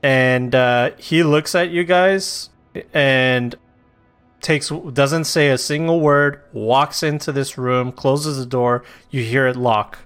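Smooth-voiced man running a tabletop game. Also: medium pitch, slow, fairly bright tone, faint music behind. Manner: casual, swearing, loose storytelling with fillers. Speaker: game master.

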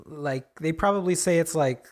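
A man's voice: fairly high pitch, normal speed. A man co-hosting a podcast in casual chat, hesitant and amused, with many fillers.

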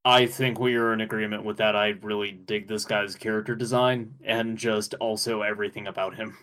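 A man co-hosting a podcast, chatting casually and excitedly, laughing often and rambling with fillers. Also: lowish voice, a little fast. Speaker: podcast co-host. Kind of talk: casual chat recapping an anime episode.

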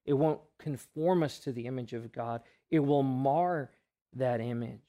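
A male pastor giving an earnest sermon, asking rhetorical questions and letting his voice drop soft on key words. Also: mid-range voice, a little slow, muffled recording.

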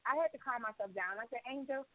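Animated woman telling stories over a phone line. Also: on the high side, rapid-fire, dry recording. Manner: animated storytelling, swears freely. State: pregnant. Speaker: podcast co-host. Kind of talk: casual chat.

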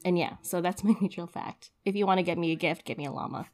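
A woman's voice: lowish voice, fast talker, a little mellow. Woman in her 30s, podcast co-host, giggly, upbeat, casual chat, lots of ums. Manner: giggly, upbeat, many fillers.

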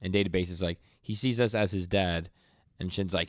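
With a deep voice and fairly even intonation, a young male podcast co-host speaks over clean studio sound with no room noise. His casual manga recap has him retelling comic scenes in rapid quoted lines, full of stammers as he stumbles over words.

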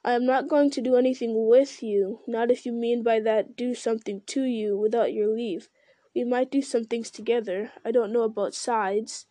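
An ancient, unhurried male tree giant from a storybook, pondering every word and humming to himself, read by a woman. The voice sits fairly high and mellow in a dry, close sound. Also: steady tone, dry recording, lightly acted. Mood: musing. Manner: slow, deliberate, musing with hums. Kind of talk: reading a fantasy novel aloud.

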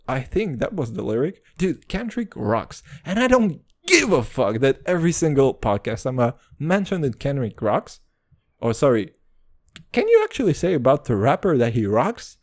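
A young man hosts a casual solo podcast, rambling at normal speed in crude, swaggering slang and repeatedly calling the listener "dude." His voice swings widely, dropping into low mutters and leaping into high, excited bursts.

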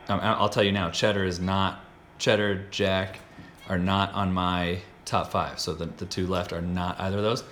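A man's voice: deep voice, fairly bright tone, a little hiss or hum. An American man hosting a casual chat, talking in a rambling, enthusiastic way with many restarts. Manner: rambling, self-interrupting, enthusiastic. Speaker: podcast host.

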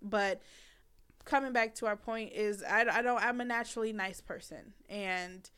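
A woman's voice: medium pitch, normal speed, a bit bright, clean tone. A woman, chatting casually and teasingly, laughing and acting out quotes. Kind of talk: casual couple chat.

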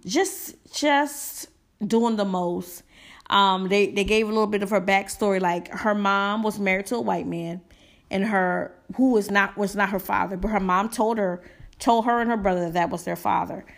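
A woman hosts a casual commentary podcast in a sassy, emphatic way. She is chatty and candid, restarts her sentences often and drifts into asides as she thinks out loud. Her voice sits at an ordinary middle pitch for a woman. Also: fairly even intonation, normal speed. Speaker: podcast host.

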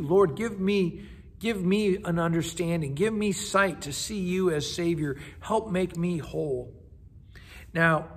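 A man's voice: high-pitched, breathy edge. A man, a pastor, giving a daily devotional in an earnest, conversational way, sometimes repeating words as he goes.

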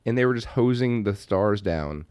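A man co-hosting a podcast, telling profane anecdotes in an animated, casual way. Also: on the low side, moderate pace, clear, resonant tone, dry recording, studio quality. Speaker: podcast co-host.

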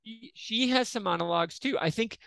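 A man guesting on a podcast, talking about films in an animated, jokey way. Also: high voice, brisk, vocal fry, dry recording. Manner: animated, jokey, slips into impressions. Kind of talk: casual film discussion.

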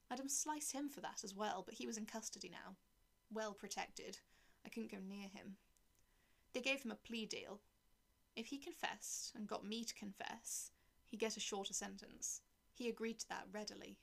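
A woman reading a dark first-person story aloud in a cold, detached way, often dropping to a whisper. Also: medium pitch, steady tone, normal speed, creaky. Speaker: narrator.

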